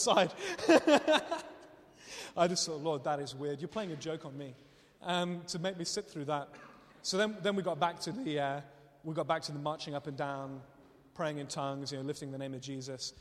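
A man preaching a sermon, telling stories in an animated way and laughing often as he speaks. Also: fairly high pitch. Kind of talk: sermon with storytelling. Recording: long reverb of a hall.

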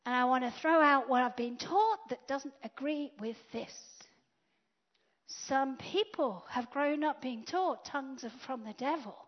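High-voiced woman preaching with big swings. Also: unhurried. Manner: dynamic, swinging from loud to hushed whispers. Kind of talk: sermon. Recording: dull lo-fi sound.

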